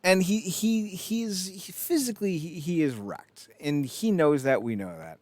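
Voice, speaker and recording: A man's voice: high-pitched, lively intonation, measured pace, darkish tone, no room sound. A man co-hosting a casual wrestling news podcast, rambling and swearing, with self-mocking asides. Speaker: podcast co-host.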